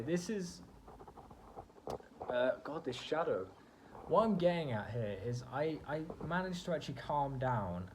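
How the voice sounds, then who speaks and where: A man's voice: mid-range voice, darkish tone, slight background noise. A young man telling a personal story in a casual vlog, rambling and full of fillers as he reflects on his own feelings. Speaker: vlogger.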